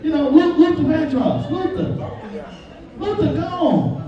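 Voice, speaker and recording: A man doing a stand-up comedy set in a live club, animated and talking straight to the crowd. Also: very high-pitched, slow, highs cut off. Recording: roomy, far-off mic, loud crowd. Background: audience laughter.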